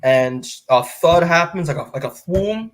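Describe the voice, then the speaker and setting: A man's voice: on the high side, expressive, slight background noise. Rambling man recapping comics, full of fillers. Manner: rambling, lots of fillers and restarts; retells scenes with quick put-on quotes. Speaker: podcast co-host. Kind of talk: casual comic book review chat.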